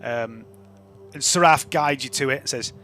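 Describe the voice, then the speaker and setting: A man narrating a tabletop game as game master over an online voice call, relaxed and descriptive. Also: mid-range voice, moderate pace, soft background music.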